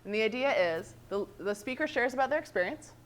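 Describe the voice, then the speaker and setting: A woman trainer presenting a workshop, lively and animated, often checking in with "right?". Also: a little high, fast talker, a little hiss or hum.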